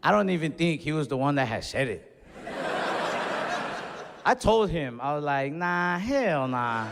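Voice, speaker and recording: Male stand-up comic, animated storyteller doing voices, slightly high voice, live hall reverb. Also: moderate pace, vocal fry, heavy background noise. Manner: animated, acts out other people in dialogue, laughs mid-story. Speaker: stand-up comedian. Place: comedy stage in a hall.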